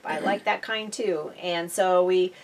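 A woman's voice: on the low side, measured pace, far from the mic. A middle-aged woman co-hosting a casual chat podcast, telling stories in a chatty way and laughing often. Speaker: podcast co-host.

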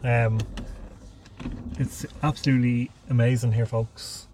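A man's voice: medium pitch, flat delivery, unhurried. A man co-hosting a podcast in casual chat, laughing often and talking to listeners as folks, on a clip-on mic. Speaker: podcast co-host. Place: in a car outdoors. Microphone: clip-on lapel mic. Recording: noisy car interior.

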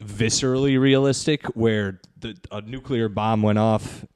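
A man's voice: fairly low pitch, steady tone, a little slow, a little mellow, clear, resonant tone. A man from Indiana, a guest on a podcast, talking in an easygoing way and laughing often. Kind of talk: casual chat.

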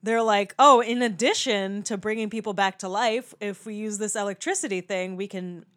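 A woman's voice: mid-range voice, normal speed, a bit bright. A woman in a casual movie discussion, chatty and swearing freely, laughing often and acting out quoted lines. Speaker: podcast co-host.

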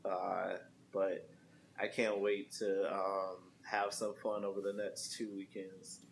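A young man co-hosts a podcast, teasing and joking in a playful, animated way. His voice sits a little low, with a faint hiss behind it. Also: takes it slowly, creaky. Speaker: podcast co-host. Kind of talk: casual chat.

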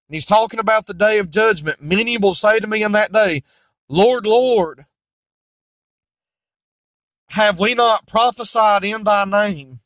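A male preacher with a high, slightly bright voice delivers an emphatic, repetitive sermon full of King James scripture. He mockingly voices imagined objections, and the recording has no echo.

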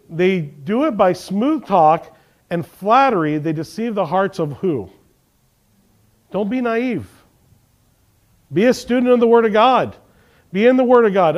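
A pastor with a high-sitting voice preaches a sermon, reading scripture aloud and questioning the congregation. He moves between emphatic lines and quiet ones.

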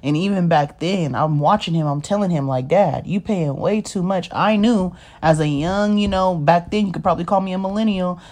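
A woman's voice: on the low side, moderate pace, hardly any pauses, a little mellow. A woman, telling her life story in a rambling, casual way and often asking "you know what I mean?". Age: 30s. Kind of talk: casual personal monologue.

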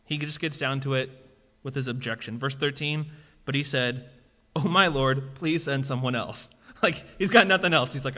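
A man's voice: mid-range voice, normal speed, bright, forceful tone. A man preaching a sermon as a pastor, talking casually with lots of fillers and asides. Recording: long reverb of a large hall.

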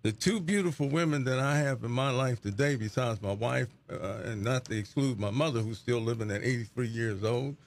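A man's voice: medium pitch, fairly quick, hardly any pauses, slight background noise. A middle-aged man, a pastor, giving an earnest, reflective testimony as an interview guest and often repeating words as he searches for them.

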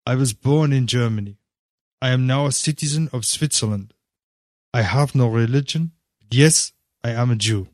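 A man's voice: mid-range voice, normal speed, no room sound, studio quality, voice pushed up, natural voice. A man voicing an earnest, idealistic seventeen-year-old boy who speaks politely and formally. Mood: sad.

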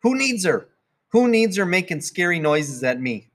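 A man reading aloud gives voice to an anxious little girl who pleads and insists in a high, lively storybook voice. She begs and frets, rising sharply at every worry. She is excitable and full of drama. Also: normal speed, heavily acted.

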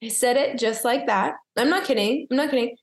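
A woman's voice: on the high side, brisk. A young woman, a wedding photographer from Massachusetts, telling stories in casual podcast chat over a video call, giggly and self-deprecating. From Maynard, Massachusetts. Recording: roomy echo.

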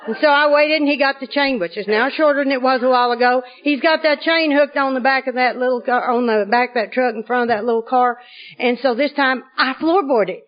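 Lady telling a funny story at a conference, high voice, kinda muffled lo-fi tape. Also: fairly quick. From Arkansas. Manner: lively comic delivery, often laughing. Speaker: speaker at a recovery conference. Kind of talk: humorous storytelling to an audience.

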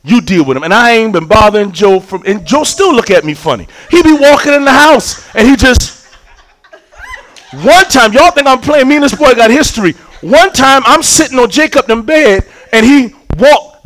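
A man, preaching a sermon as a story, acting out scenes and repeating words when excited. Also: very high-pitched, low-quality recording.

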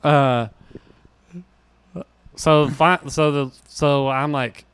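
A man co-hosting a podcast, telling a story in casual chat, animated and laughing as he acts out other people's lines. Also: a little high, drawn-out words, clean tone. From New York City. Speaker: podcast co-host.

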